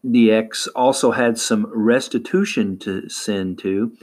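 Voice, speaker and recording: A man hosting a wrestling recap, talking casually and haltingly with lots of fillers. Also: on the low side, darkish tone. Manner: halting, many fillers and restarts. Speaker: wrestling podcast host.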